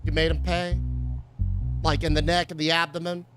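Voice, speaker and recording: A young man streams a game and chats loosely, swears freely, and reads the on-screen text aloud. His voice sits high for a man. Music runs steadily underneath. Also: level tone, normal speed. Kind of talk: casual gameplay commentary. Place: home streaming setup.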